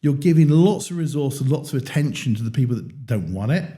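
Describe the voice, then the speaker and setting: A British man hosting a leadership podcast, telling anecdotes and acting out quoted lines in a lively conversational way. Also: medium pitch, quick pace. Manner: animated storyteller, acts out quotes. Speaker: podcast host. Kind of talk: casual conversation.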